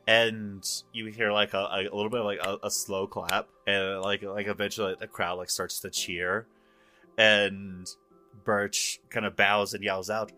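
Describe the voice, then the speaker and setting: A man narrating as game master, unhurried and loose, with filler words everywhere. His voice is bright and a little low. Soft guitar music plays underneath. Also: steady tone.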